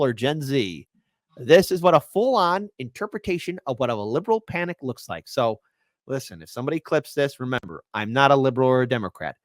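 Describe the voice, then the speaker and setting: A woman's voice: low-pitched, dry recording, studio quality. A woman from Chicago hosting an online commentary show, talking in a mocking, playful way. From Chicago, USA. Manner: mocking, playful, bouncy delivery. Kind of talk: casual commentary stream.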